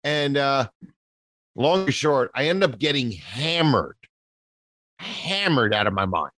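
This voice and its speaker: A man's voice: mid-range voice, big pitch swings, slow, fairly bright tone, no room sound, clean studio sound. A man from New Jersey, a comedian guest telling a self-mocking story in casual podcast chat.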